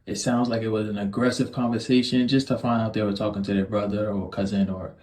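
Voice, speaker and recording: A man from New York City gives travel tips in an earnest, emphatic way. His voice is dark and mellow. The recording is roomy, with a noticeable echo. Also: lowish voice, little pitch movement, fast talker. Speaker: travel video host. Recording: echoey room.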